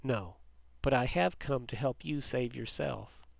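A man voicing a soft-spoken ghostly father. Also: mid-range voice, unhurried, vocal fry, dry recording. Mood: pleading. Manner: soft, pleading, reassuring. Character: gentle protective father's ghost, male.

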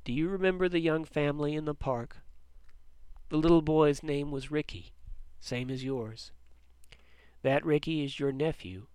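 Male narrator doing a kind, protective ghost dad, soft and reassuring, dry close sound. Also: on the high side, moderate pace, long pauses, clear, resonant tone, dry recording, natural voice. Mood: gentle.

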